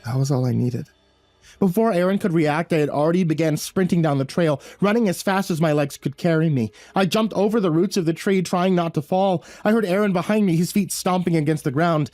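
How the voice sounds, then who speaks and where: A man's voice: sits high, darkish tone, no room sound. Man telling a tense horror story. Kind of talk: first-person horror story narration.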